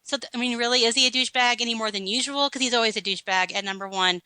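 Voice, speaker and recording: Woman talk host, sarcastic and blunt, bright tone, close dry mic. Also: on the high side, very fast, smooth, no room sound, poor audio. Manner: sarcastic, blunt, laughing at her own list. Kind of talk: opinionated political commentary.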